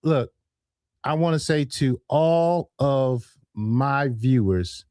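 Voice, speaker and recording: A man hosting a live call-in show, speaking in a calm, measured way and often saying "all right". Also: medium pitch, no echo, studio quality.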